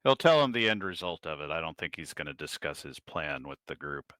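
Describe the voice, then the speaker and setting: A man's voice: extremely low pitch, sing-song, a little fast, fairly bright tone, no echo, clean studio sound. A man explaining his character's plans as a player in a tabletop game, matter-of-fact.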